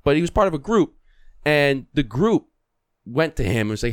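A middle-aged man, a podcast host telling a story in casual conversation, animated, acting out quoted voices and restarting often. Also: a little high, moderate pace, smooth, no room sound, studio quality.

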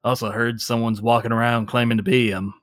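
A man's voice: mid-range voice, flat delivery, a little fast, dry recording, close to an everyday voice. A man voicing a wary old male bar patron in a tabletop game, drawling his lines.

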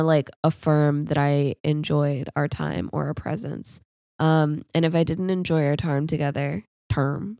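A woman's voice: sits low, darkish tone, no room sound, clean studio sound. A young woman hosting a solo podcast, rambling casually and laughing at herself. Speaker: podcast host.

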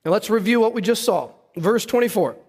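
High-voiced pastor preaching in a reverberant hall. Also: male voice, expressive, brisk, darkish tone, breathy edge. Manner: conversational preaching, asks the congregation questions. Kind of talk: sermon. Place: church sanctuary.

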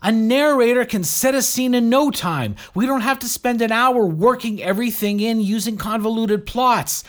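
A narrator voicing an excitable young woman who shouts with delight. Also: mid-range voice, moderate pace, voice pushed up, natural voice. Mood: ecstatic.

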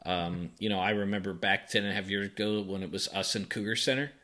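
Male podcast co-host, lowish voice, easygoing and chatty. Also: steady tone, quick pace, bright, forceful tone. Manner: laid-back, reads listener messages aloud. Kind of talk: casual podcast chat.

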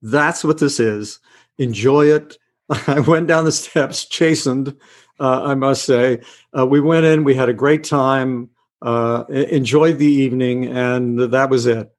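An older man leans into a long anecdote as an interview guest, his voice sitting in an ordinary middle range. He hesitates often, restarting phrases and filling gaps with uhs. He pokes gentle fun at himself as he goes. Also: medium pitch, steady tone, unhurried. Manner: hesitant, full of uh and restarts, self-mocking. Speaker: guest actor. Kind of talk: relaxed anecdotal storytelling.

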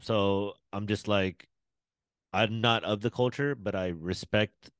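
Man, lowish voice, dry sound, casual podcast co-host, joking and swearing. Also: steady tone, slow pace, a bit bright, no echo. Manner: joking, profane banter. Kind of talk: casual chat.

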